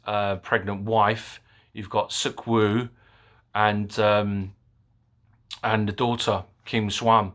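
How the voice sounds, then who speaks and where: A man giving a casual, excitable movie review, rambling with fillers and the odd swear word. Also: lowish voice. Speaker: film reviewer.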